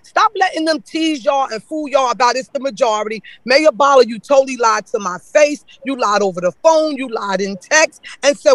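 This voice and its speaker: High-voiced man giving fiery public comment. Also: lively intonation, moderate pace, few pauses, fairly bright tone, no echo, rough recording. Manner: emotional, accusatory, repeating his points.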